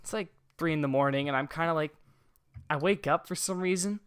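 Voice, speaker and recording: A man's voice: on the high side, brisk, a bit bright, clear, resonant tone, no echo, studio quality. A young adult man hosting a casual podcast from a room above his garage, rambling through a story with a lot of swearing. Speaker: podcast host.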